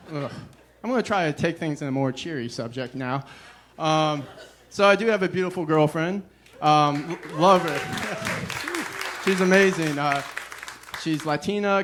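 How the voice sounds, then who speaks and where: A young man performing a stand-up comedy set, deadpan and self-deprecating, with a weary "ugh" between jokes. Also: on the high side, background noise.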